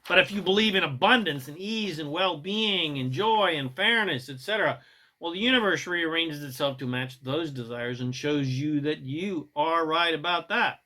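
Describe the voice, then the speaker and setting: A man giving a motivational self-help monologue, emphatic and preachy, swinging between loud bursts and soft asides. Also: on the high side, normal speed.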